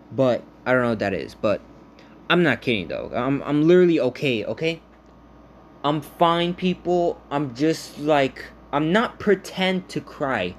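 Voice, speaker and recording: A man talking casually to his viewers in a halting, rambling way, full of restarts, earnestly reassuring them. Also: fairly high pitch, lively intonation, a little hiss or hum. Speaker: vlogger. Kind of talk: casual talk to camera.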